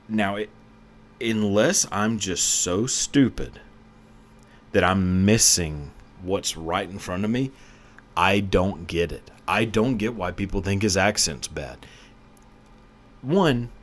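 Low-voiced man rambling casually. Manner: rambling, laughs often, swears casually. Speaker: podcast host. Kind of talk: casual monologue.

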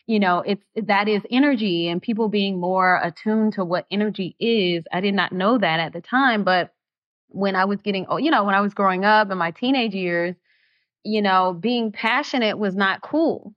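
Expressive woman, slightly dull audio. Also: medium pitch, moderate pace. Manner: expressive and heartfelt, voice rising when excited. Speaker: actress guest. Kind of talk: candid podcast interview.

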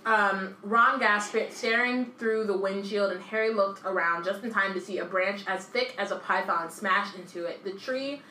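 A woman's voice: mid-range voice, moderate pace, few pauses, sharp tone. A woman co-hosting a casual book podcast, chatty and full of "like" and "um", reading aloud and chatting. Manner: chatty, lots of "like" and "um". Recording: echoey room with faint noise.

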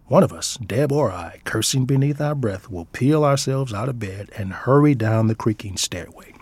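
A man's voice: fairly low pitch, husky. A father reading his own personal essay aloud in a reflective way, often dropping into a near whisper.

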